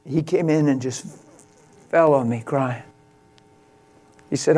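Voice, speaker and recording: A male pastor preaching a sermon, telling a story and swinging from quiet, slow lines to loud exclamations. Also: mid-range voice, fairly even intonation.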